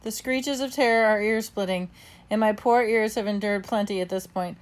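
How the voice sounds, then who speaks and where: A woman reading a children's novel aloud in the first person, with expressive storybook narration. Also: medium pitch, moderate pace. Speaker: audiobook narrator.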